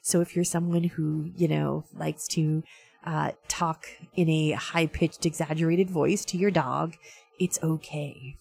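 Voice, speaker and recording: A woman with a low, gravelly voice and a husky edge talks through a science story in a casual, chatty way. She fills her sentences with ums and asides like an enthusiastic science fan. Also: darkish tone. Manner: chatty, many fillers, self-described science dork. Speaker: host. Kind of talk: casual science news talk.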